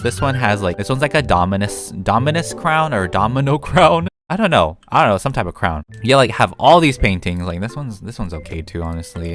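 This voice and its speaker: A man giving casual, rambling gameplay commentary with frequent giggles and fillers. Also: fairly low pitch. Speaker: gaming video creator. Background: background music.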